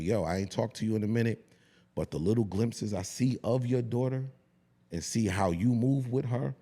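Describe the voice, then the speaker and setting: A man around forty, a podcast guest, chatting casually and telling stories in a profane, animated way. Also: lowish voice, vocal fry, breathy edge.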